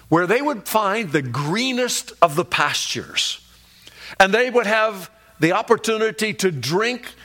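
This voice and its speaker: Older guy preaching a sermon, slightly high voice, draws words out to make a point. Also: sharp tone. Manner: storytelling, slows down for emphasis on key words. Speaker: pastor.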